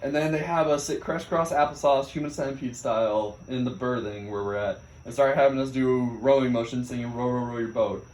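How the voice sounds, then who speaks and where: A young man, a Navy sailor, casually telling a story about his deployment, laughing often and acting out the things people shouted at him. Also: mid-range voice, fairly quick, hardly any pauses. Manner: animated, laughs often, acts out quoted shouts. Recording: echoey room.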